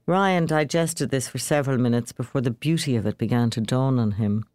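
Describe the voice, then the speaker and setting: A woman reading a short story aloud in a measured, expressive narration. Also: rumbling low, dry recording, studio quality.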